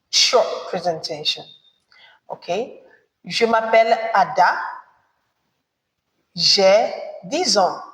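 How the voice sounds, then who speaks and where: A woman teaching a beginner French lesson, saying each phrase slowly and then repeating it. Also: mid-range voice. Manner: slow, careful repetition of phrases. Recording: echoey room with long reverb.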